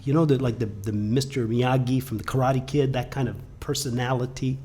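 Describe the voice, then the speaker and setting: Male storyteller, husky tone, animated, drops to near-whispers for drama. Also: mid-range voice, fairly quick, few pauses. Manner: animated, swings from loud to hushed. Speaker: webcast presenter. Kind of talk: motivational storytelling.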